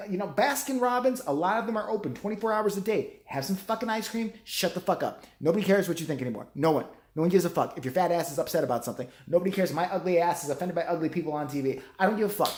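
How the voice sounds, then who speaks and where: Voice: medium pitch, expressive, fast talker, few pauses, a little mellow. A middle-aged vlogger in a profane, sarcastic, rambling rant. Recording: roomy echo.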